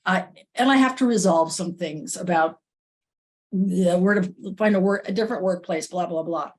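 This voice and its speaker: Halting, tearful woman sharing. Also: lowish voice, a little mellow. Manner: halting, tearful, with frequent restarts and nervous laughs. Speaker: workshop participant. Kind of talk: emotional personal sharing.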